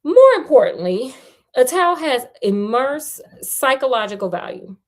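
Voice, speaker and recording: A woman's voice: high-pitched, sing-song, moderate pace. A woman reading a novel aloud casually, breaking off for playful, chatty asides. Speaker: storyteller. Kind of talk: casual read-aloud storytelling.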